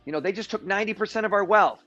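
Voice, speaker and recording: Man doing a high-pitched indignant rich oligarch, dull lo-fi stream sound. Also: very fast, sharp tone, soft background music. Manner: complaining, raised high pitch. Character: indignant male Russian oligarch, wealthy adult.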